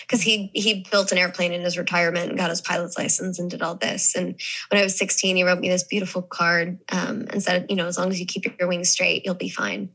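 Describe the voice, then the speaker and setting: Bright-voiced young woman in an interview. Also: fairly low pitch, poor audio. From American South. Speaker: actress guest. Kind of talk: casual interview talk.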